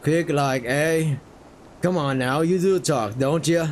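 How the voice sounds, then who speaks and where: Man doing a gruff, impatient deckhand. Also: a little high, slow pace, a little hiss or hum. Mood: urgent. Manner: brusque, barking orders, slangy. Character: gruff, impatient male sailor, experienced deckhand.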